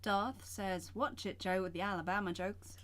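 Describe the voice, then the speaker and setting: A woman co-hosting a stream, chatting casually with quick affirmations and dry jokes. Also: mid-range voice, a bit bright. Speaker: co-host. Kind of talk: casual chat. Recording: noisy background hiss.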